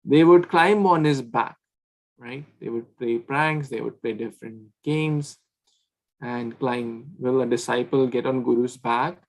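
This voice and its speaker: A man's voice: medium pitch, measured pace, low-quality recording. A man leading a scripture class in a chatty teaching style, often checking in with the listeners. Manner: chatty, keeps asking "right?".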